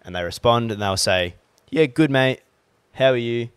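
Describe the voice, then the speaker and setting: A man's voice: mid-range voice, normal speed, clean tone. A man co-hosting a podcast, telling funny stories in casual, swearing chat. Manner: laughing, swearing, animated storytelling. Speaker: podcast co-host.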